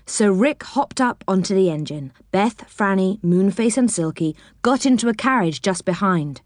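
A woman reading a children's storybook aloud with plenty of rise and fall in her voice. Her pitch sits in the middle range. The sound is close and dry with no room echo. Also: expressive, moderate pace.

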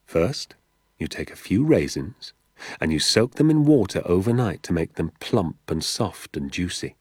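A man doing a secretive, eager father in an audiobook, his voice deep and husky as he leans in to share a family secret. He speaks in a hushed, confiding way and often sinks into a whisper. The sound is close and dry. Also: big pitch swings, a little slow, no echo, heavily acted. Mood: hushed explaining. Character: secretive, enthusiastic middle-aged father. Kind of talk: audiobook character voice.

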